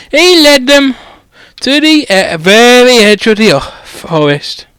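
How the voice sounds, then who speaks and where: Brief: narrator for a spoof audiobook, deadpan, unhurried, animated intonation. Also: male voice, very high voice, smooth, no echo. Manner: slow, deadpan reading with muttered asides. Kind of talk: comic parody audiobook reading.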